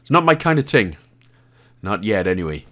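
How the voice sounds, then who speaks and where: A man's voice: fairly low pitch, big pitch swings, normal speed, bright, forceful tone. A Welsh man hosting a game walkthrough, talking casually and joking with a laugh here and there. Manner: chatty, jokey, laughs often. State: out of breath. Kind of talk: casual gameplay commentary.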